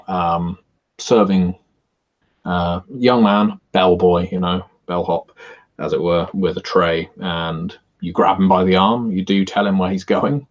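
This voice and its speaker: A man narrating a tabletop horror game as game master in a measured, descriptive way. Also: low voice, lo-fi sound.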